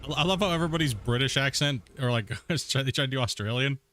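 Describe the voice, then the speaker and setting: A young man streams a game and chats casually, laid-back, laughing at himself and swearing freely. His medium-pitched voice is animated, fast and slightly bright, and there's a little hiss or hum in the recording.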